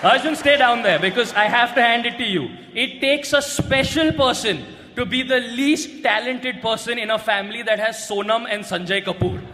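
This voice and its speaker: A man doing a stand-up roast set, brash and often shouting his punchlines on a stage mic. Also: very high voice, moderate pace. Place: large hall with a live audience. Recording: echoey hall, loud crowd and noise.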